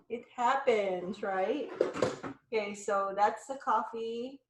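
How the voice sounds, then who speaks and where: A woman hosts a casual live chat on a video call, rambling cheerfully from one point to the next. She takes her time and talks at an unhurried pace. Her voice carries a roomy echo. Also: a little high, slight background noise. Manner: chatty, rambling, upbeat. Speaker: host of a live wellness chat.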